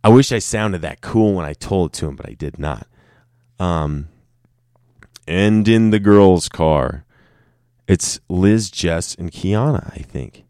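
Slow, deep-voiced joking young man. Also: mellow, no room sound, studio quality. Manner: joking, profane, self-mocking. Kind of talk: rambling casual monologue.

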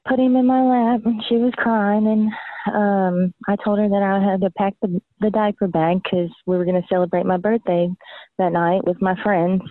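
A woman's voice: on the low side, dry recording. Woman recounting a loss over a phone-like line. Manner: halting, many fillers and restarts. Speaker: interviewee. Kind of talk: personal testimony.

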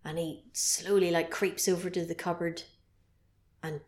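A woman's voice: fairly low pitch, little pitch movement, a little slow, darkish tone, roomy sound. A woman co-hosting a podcast, chatting casually and animatedly as she retells a horror film with playful sound effects. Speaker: podcast co-host.

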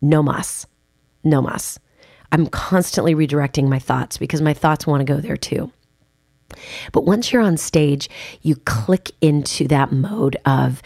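A woman's voice: sits low, unhurried, a little mellow, no echo, clean studio sound. A woman hosting a podcast and coaching on public speaking, telling stories in an emphatic, chatty way with casual asides. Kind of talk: conversational podcast monologue.

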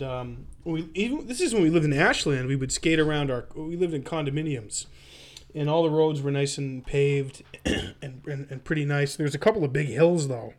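A young man from Massachusetts rambles through a story on a casual podcast. His voice sits a little high, and he swears freely as he goes. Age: 20s. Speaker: podcast co-host. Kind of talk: casual chat.

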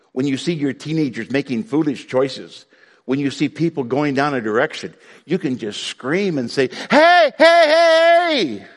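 A man preaching a sermon to his congregation in a conversational way, breaking now and then into loud outbursts. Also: mid-range voice, in a large hall. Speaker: pastor.

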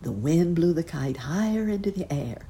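Casting: a woman narrating a children's story, low and mellow with a lilting delivery. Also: expressive, normal speed.

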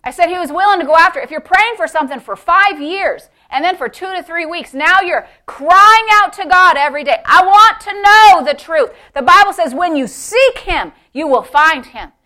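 Woman pastor, middle-aged, high bright voice, emphatic sermon delivery that drops to a hush. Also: lively intonation, normal speed, hardly any pauses. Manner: emphatic preaching that swings from loud exclamations to hushed near-whispers.

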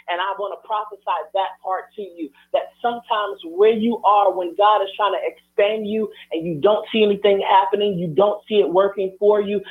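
High-voiced preacher on a tinny line. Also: male voice. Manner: repetitive preaching cadence with building refrains. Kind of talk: sermon. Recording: tinny phone-like broadcast sound.

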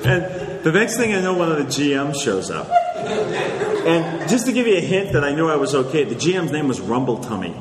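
A middle-aged man, an author and guest speaker, telling anecdotes on a panel in an animated, laughing way. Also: a little high, a little fast. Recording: echoey hall with crowd noise.

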